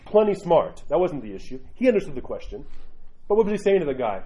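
A male priest giving an informal sermon full of stories and asides, in a conversational, animated way. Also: a little high, quick pace, slightly rough, dull audio.

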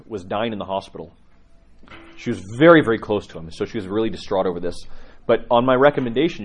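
A man teaching and telling stories in a lively way, acting out the people's lines as he speaks. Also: lowish voice. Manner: animated storytelling, acts out dialogue.

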